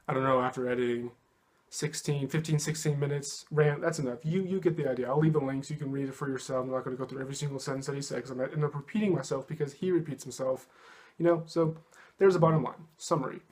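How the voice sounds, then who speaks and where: A man's voice: medium pitch, steady tone, fast, darkish tone. A young man delivering a heated, sarcastic, profane political rant straight to his audience. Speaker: political commentary vlogger. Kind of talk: ranting monologue.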